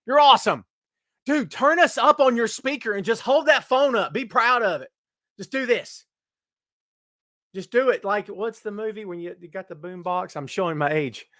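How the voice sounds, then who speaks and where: A middle-aged man with a high-pitched voice hosts a casual live stream. He keeps up loud, joking, self-mocking banter as he greets viewers by name. The sound is dry and close, with no room echo. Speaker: host.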